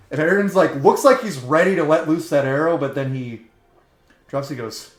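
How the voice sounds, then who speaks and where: A man's voice: a little high, moderate pace, reverberant. A man narrating a tabletop game as game master, in a casual, easygoing way with frequent fillers. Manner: casual, filler-heavy storytelling.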